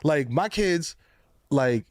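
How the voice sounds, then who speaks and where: Podcast host dude, talks loose and slangy, lots of likes, dry mic. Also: male voice, on the high side, expressive, slow pace, no echo. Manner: loose and slangy, filler-heavy, laughs often. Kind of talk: casual podcast chat.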